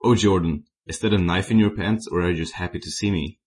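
Tall male zombie smoker, deep voice, teasing and suggestive, a man reading it. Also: a little fast, darkish tone, close to an everyday voice.

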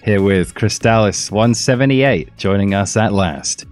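A man's voice: fairly low pitch, a little slow, faint music behind. A man with a Northern English accent hosting a casual podcast, joking around with his co-hosts. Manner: joking, playful banter. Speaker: podcast host. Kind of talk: casual group chat on a call.

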